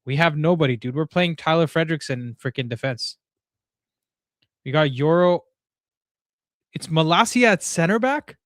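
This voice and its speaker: Young male watchalong host, slangy and excitable, slightly high voice, dry close mic. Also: normal speed, long pauses, dry recording. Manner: excitable, slangy, frequent "bro" and "dude". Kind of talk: live football watchalong commentary.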